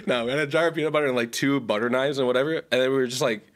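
A man's voice: mid-range voice, fairly even intonation, rapid-fire. A young man telling a long story in a casual podcast chat, rambling and correcting himself. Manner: rambling, self-correcting, laughs often. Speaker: podcast co-host.

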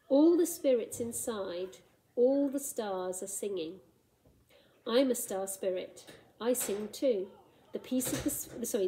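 A woman's voice: a little high, dark tone, a little hiss or hum, rough recording. A woman doing a pleading, beaten space dragon. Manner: pleading, mournful. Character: exhausted, defeated male space dragon monster.

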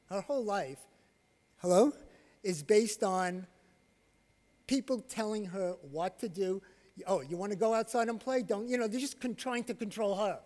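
A middle-aged man, an autism therapist, giving a conference lecture and telling case stories, acting out the dialogue. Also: high voice. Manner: storytelling, acting out quoted dialogue. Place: conference hall. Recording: long hall reverb.

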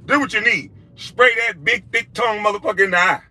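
Ex-player in a clip: furious profane man, bright raspy voice. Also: high voice, brisk. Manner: insulting, mocking, profane. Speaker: former basketball player.

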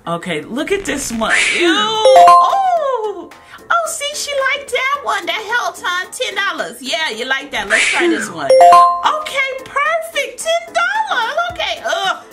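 A young woman giving sassy comic commentary over a pimple-popping game, squealing loudly in disgust. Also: extremely high pitch, huge pitch swings, moderate pace, hardly any pauses, over loud music. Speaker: gaming vlogger.

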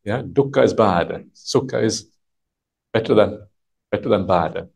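Husky, halting male meditation teacher. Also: on the low side, lively intonation. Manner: halting, thinks aloud, many "uh" and "yeah" fillers; gentle, patient explaining. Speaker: Buddhist monk teaching a retreat. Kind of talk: unhurried dharma talk explaining a text. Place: retreat session with a live audience.

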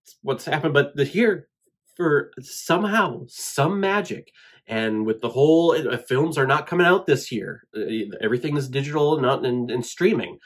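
A man hosting a casual movie reaction, talking in an excitable, gushing, emotional way. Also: medium pitch, moderate pace. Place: home room with shelf behind.

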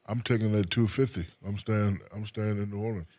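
Lowish, mellow and a little fast, this man's voice stays fairly even, with no echo on the recording. He's a former basketball player from New Jersey, relaxed in a casual interview, frequently restarting sentences by repeating words.

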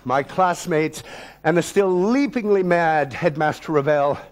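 Theatrical older man telling a story. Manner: dramatic, vivid, wry delivery with big swings in pitch and loudness. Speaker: actor and lecturer.

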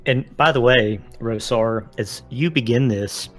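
A man narrating a tabletop game as game master, with dramatic descriptions and filler pauses. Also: medium pitch, a bit bright, soft background music.

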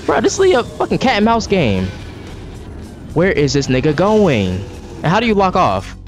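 His voice sits high and swoops wildly in pitch, though his speed stays normal. As a gaming streamer, he curses and grumbles through running live commentary on his game, faint music behind him.

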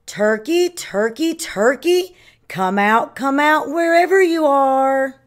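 A woman's voice: fairly high pitch, very animated, slow. A woman doing a sing-song calling farmer. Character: farmer calling for his hiding turkey.

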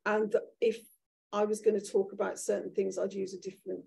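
A woman in her sixties with a Brummie accent and a gravelly, husky voice, speaking as a guest author onstage. Her tone is mellow and dark, and she tells candid, lively stories with frequent restarts. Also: medium pitch, fairly quick. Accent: Birmingham. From Birmingham, England. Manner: animated, candid storytelling with restarts. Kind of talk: conversational onstage talk. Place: event room with an audience.

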